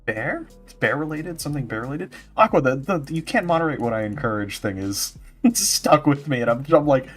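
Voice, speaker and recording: A man's voice: fairly high pitch, very animated, a little slow, fairly bright tone, soft background music. A man streaming as a vtuber, chatting casually and playfully with his viewers and laughing often. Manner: giggly, playful, reacting to chat. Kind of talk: casual livestream chat.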